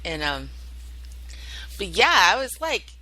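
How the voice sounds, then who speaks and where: A woman's voice: fairly low pitch, big pitch swings, slow, bright, forceful tone, rough recording. A woman hosting her own internet radio show, chatting casually and rambling with lots of fillers and swearing. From United States. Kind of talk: casual solo chat, answering listener chat.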